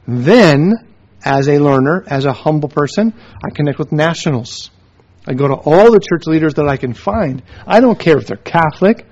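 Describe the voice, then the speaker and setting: A man's voice: a little high, darkish tone. Emphatic man preaching, muffled recording. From United States. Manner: emphatic, repetitive lists of short phrases. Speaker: missionary teacher. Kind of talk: sermon-style teaching with stories. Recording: dull lo-fi recording.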